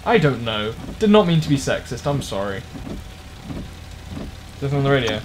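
Lively jokey man playing a game. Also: medium pitch, fairly quick, slight background noise. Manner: rambling, jokey, swears a lot. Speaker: gamer playing a driving game. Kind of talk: let's play commentary.

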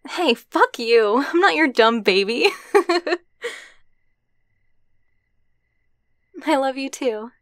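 Young woman as a foul-mouthed tsundere girlfriend for ASMR roleplay: high voice, unhurried, dry close mic. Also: lively intonation, dry recording. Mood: tender. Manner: swears a lot, gruff then embarrassed.

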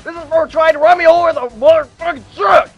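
A man playing a brash young werehog hero who trash-talks crudely and cockily. The voice is high and husky with a gravelly edge, bouncing all over its range. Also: animated, normal speed, lo-fi sound, soft background music. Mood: vengeful. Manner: crude, cocky trash talk. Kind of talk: improvised comedy fan dub.

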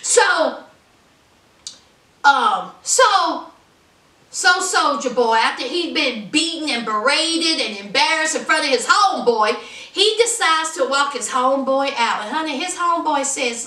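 A woman's voice: high voice, lively intonation, a little slow, pushed and bright. A woman giving a sassy, blunt casual recap of a reality show episode, recorded in an echoey room with the mic at a distance.

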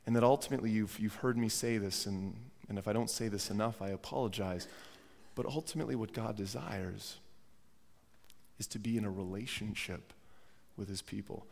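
A man's voice: fairly low pitch, normal speed, gravelly, a little mellow. A man preaching a sermon as pastor while he has a cold, earnest and often repeating words as he restarts his phrases. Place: church sanctuary. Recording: long church hall reverb.

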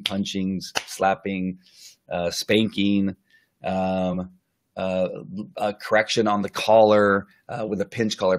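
A man who trains dogs giving a casual, rambling live-stream lesson, full of fillers and restarts, sometimes acting out what the dog thinks. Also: fairly low pitch. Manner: acts out the dog's thoughts in quick asides.

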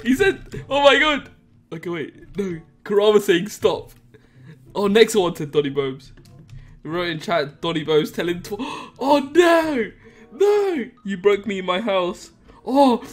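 Excitable high-voiced young man giggling. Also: unhurried. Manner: excitable, laughs a lot, giggly commentary on his own prank. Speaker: Minecraft trolling video host. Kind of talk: casual gameplay commentary. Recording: faint music behind.

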